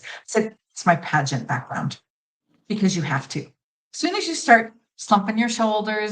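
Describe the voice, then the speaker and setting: A woman's voice: mid-range voice, expressive, fairly quick, rough recording. Confident, emphatic woman pageant judge. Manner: confident, emphatic, acts out quotes, laughs easily. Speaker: pageant judge and coach, interview guest. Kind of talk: conversational interview answers.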